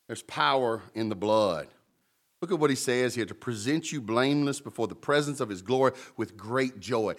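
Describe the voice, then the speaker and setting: A man's voice: medium pitch, animated, normal speed, fairly bright tone. A man pastor preaching a sermon in a conversational way, with humorous stories and asides between scripture readings.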